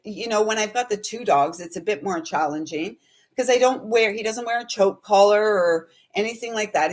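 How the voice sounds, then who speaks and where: A woman hosting a casual spiritual livestream, chatting and rambling while reading viewer comments aloud. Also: medium pitch. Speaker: spiritual host and intuitive reader.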